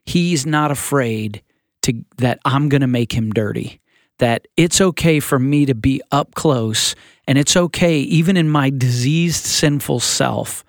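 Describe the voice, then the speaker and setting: A man co-hosting a casual podcast, speaking in an animated, teaching way. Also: medium pitch, no echo, studio quality. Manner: animated, laughs often, teaching tone. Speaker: podcast co-host.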